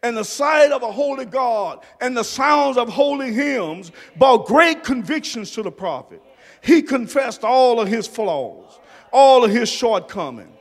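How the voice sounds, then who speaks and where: A pastor preaching a sermon, dropping to soft low murmurs and rising to shouted emphasis. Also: male voice, animated, measured pace, long reverb tail. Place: church sanctuary.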